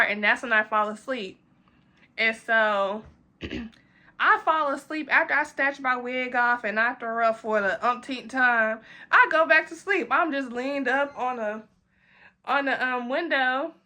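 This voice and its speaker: A young woman tells a storytime in a casual, animated way, switching into high voices when quoting people and laughing along as she goes.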